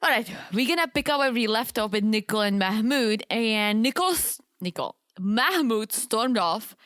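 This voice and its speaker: A woman co-hosting a podcast, recapping a reality show in animated, exclaiming casual chat. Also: on the high side, moderate pace, no echo, clean studio sound. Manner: animated and exclaiming, laughs often. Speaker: podcast co-host.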